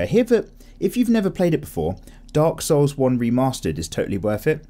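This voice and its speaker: Chatty man with lively pitch. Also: a little fast. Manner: chatty, rambling, self-correcting with laughs. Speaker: art channel host. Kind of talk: casual chat while drawing.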